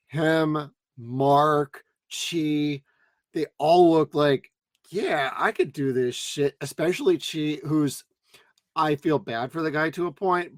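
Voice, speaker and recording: A man co-hosting a casual podcast chat, relaxed and swearing casually as he thinks aloud. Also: medium pitch, no echo, clean studio sound. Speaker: co-host.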